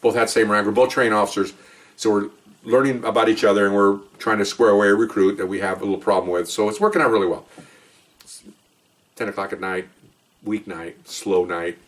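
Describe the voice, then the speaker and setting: A middle-aged man spins his police stories at a quick clip, rambling and chatty, breaking off into asides and restarts. He sits a little back from the microphone, so his voice sounds slightly distant. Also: lowish voice. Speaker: police officer telling stories. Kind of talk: casual spoken storytelling.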